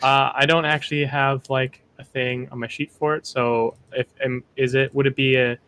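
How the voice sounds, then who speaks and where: Relaxed male tabletop player, casual and thinking aloud. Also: medium pitch, moderate pace, slight background noise. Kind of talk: casual game chat.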